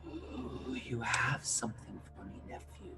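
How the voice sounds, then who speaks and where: A man voicing a woman, a tentacled sea-witch aunt, in a hushed, breathy whisper during a tabletop game. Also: mid-range voice, wildly swooping pitch, measured pace, heavy background noise, heavily acted. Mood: eerie.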